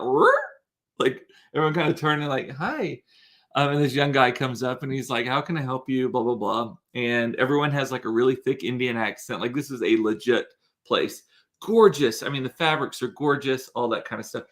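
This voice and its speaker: Young guy, casual vlog storyteller, rambling and chatty with lots of fillers, mid-pitched voice. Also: fairly bright tone. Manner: chatty, rambling, with many fillers and self-corrections. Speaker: vlogger.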